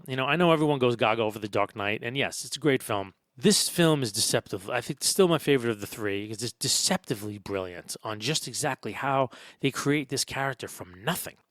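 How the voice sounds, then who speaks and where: A man's voice: mid-range voice, a bit bright, no echo, studio quality. A man hosting a podcast, enthusiastically walking through a film scene by scene in a casual review, with frequent fillers. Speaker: podcast host.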